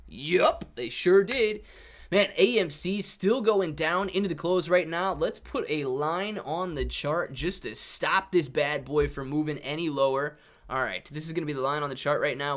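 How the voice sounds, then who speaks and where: Chatty guy doing a live stocks stream, kinda high voice, upbeat, reading out chat. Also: a bit bright. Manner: upbeat, chatty, thanks viewers by name. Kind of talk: casual live stock-market commentary.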